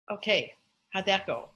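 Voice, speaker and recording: A woman's voice: mid-range voice, fairly bright tone, poor audio. An older woman, an astrologer, talking casually and animatedly on a live stream, laughing often. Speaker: astrologer host.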